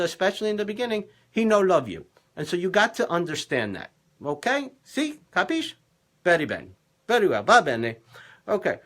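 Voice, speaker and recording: A man's voice: high voice, a bit bright. A man playing a boisterous, middle-aged Italian male love professor, giving dating advice in broken English with a put-on Italian accent and theatrical emphasis. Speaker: relationship coach. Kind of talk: comedic in-character advice livestream.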